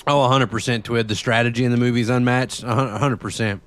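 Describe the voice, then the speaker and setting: A man's voice: medium pitch, steady tone, fast talker, a bit bright. A man chatting casually with viewers during a live game stream, loose and profane, often rambling. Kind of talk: casual live-stream chat while gaming.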